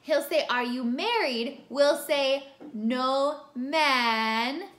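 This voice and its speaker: A woman teaching a singing lesson, explaining vowels clearly and demonstrating them by singing. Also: high-pitched, very slow, fairly bright tone. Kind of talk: vocal lesson with sung examples. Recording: roomy sound with faint music behind.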